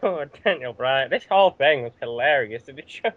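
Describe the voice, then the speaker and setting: A British man hosting a casual wrestling recap chat, animated and often laughing as he acts out quotes. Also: mid-range voice, brisk, no echo. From Britain. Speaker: show host. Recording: dull lo-fi audio.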